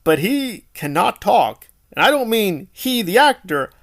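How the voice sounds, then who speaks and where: A man's voice: sits high, very animated, measured pace, fairly bright tone. A man giving a casual, opinionated film review, exasperated and sarcastic, full of rhetorical questions.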